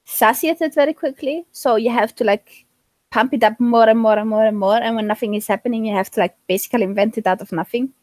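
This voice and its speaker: A woman with a hard-to-place, mixed accent talks as a guest in a relaxed live-stream chat. She speaks earnestly in long, winding explanations, with a slightly high voice. The sound is dry and close, with no room around it. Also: fairly quick, dry recording.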